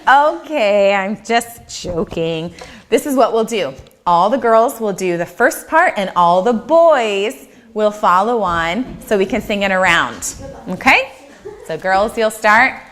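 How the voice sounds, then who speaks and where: A woman's voice: medium pitch, expressive, slow, fairly bright tone. A woman teaching a children's church class, upbeat and encouraging, often checking in with the kids and leading them in sung scripture.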